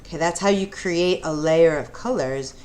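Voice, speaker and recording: At a normal pace and in a low-pitched voice, a woman leads little children through an art activity step by step, asking questions and keeping her tone gentle and encouraging.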